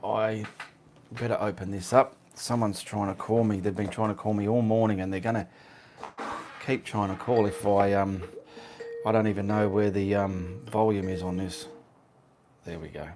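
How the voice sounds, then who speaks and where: A man's voice: lowish voice, steady tone, moderate pace, a little mellow, slight background noise. A man with an Australian accent hosting a casual live art stream at home, chatting and answering viewers' comments. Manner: chatty, reads out viewer comments, easily sidetracked.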